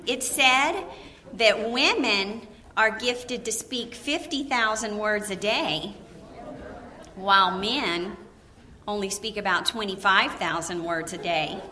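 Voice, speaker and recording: A woman giving an animated storytelling talk to a women's gathering, laughing often and acting out the people in her story. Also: on the high side. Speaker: women's ministry speaker. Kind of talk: storytelling sermon to a live audience.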